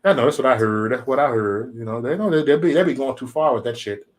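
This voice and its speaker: A man hosting a casual livestream chat, talking in a profane, animated way and slipping into mocking impressions. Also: mid-range voice, fast. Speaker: channel host.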